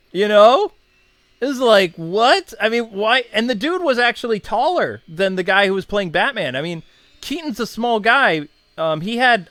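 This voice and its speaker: A man's voice: high voice, fairly bright tone, no echo. A man in his thirties, a channel host, casually reminiscing in a chatty, digressive way with many asides.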